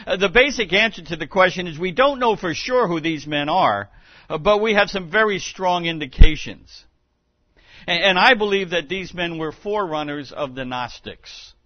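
A man preaching a sermon as pastor, teaching in a measured way with occasional restarts. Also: a little high, no room sound, muffled recording.

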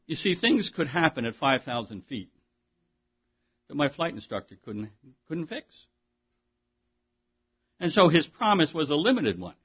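A man delivers a sermon in a husky, slightly high voice. He preaches emphatically but conversationally, breaking off for asides and rhetorical questions. The recording sounds dull and lo-fi. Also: sing-song, a little slow, pauses often. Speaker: pastor.

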